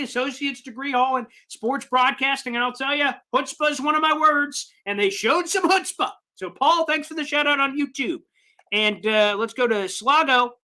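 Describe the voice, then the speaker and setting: A man hosting a live fan stream, reading viewer comments and talking in a passionate, rambling way while emotional and excited. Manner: high-energy, passionate, rambling. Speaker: sports fan show host.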